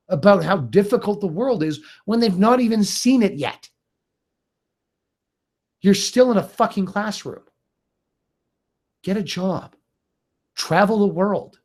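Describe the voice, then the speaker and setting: A middle-aged man delivering an angry, profane rant to camera as a video blogger, heated and exasperated. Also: high voice.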